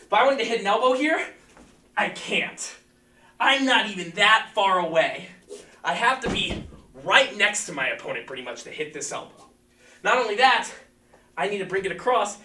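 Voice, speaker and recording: A man's voice: high-pitched, pushed and bright. A man teaching a live-streamed martial arts class, coaching energetically and calling out counts. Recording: echoey room, mic at a distance.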